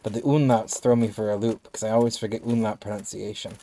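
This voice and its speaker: A man's voice: lowish voice, steady tone, fast talker, dark tone. A man with a lisp, a game streamer from the United States, chatting casually with his viewers and thinking aloud with restarts as he plays. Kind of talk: casual chat with stream viewers while gaming.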